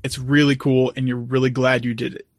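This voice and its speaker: A man in casual chat, calmly thinking aloud about what he wants to do in life. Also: mid-range voice, fairly quick, dry recording. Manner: calm and reflective, thinks aloud.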